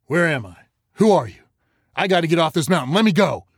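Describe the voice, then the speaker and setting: A man's voice: on the low side, moderate pace, no echo, clean studio sound, natural voice. A man voicing a terrified young frontier boy with a rural Old West drawl, frantic and breathless. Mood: panicked.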